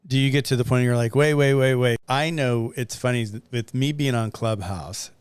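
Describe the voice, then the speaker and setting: Male host, mid-pitched, smooth and clear, relaxed conversational chat. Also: moderate pace, no room sound. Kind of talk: casual interview chat.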